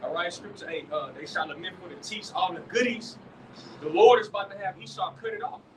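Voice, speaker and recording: A man's voice: sits high, very animated, fairly quick. A man preaching in a scripture study. He talks emphatically and keeps checking in with his listeners. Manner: emphatic, checks in with "all right?". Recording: distant mic with loud outdoor noise.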